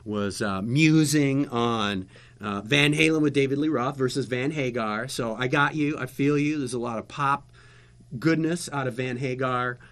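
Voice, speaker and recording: A man, a guest and former TV interviewer, telling a lively story in casual chat with laughter. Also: mid-range voice, normal speed.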